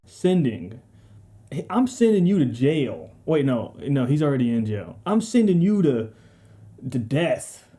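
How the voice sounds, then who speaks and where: A man's voice: medium pitch, big pitch swings, a little slow, mellow. A man giving a casual, rambling game ranking commentary, profane, slangy and sarcastic. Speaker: gaming video creator.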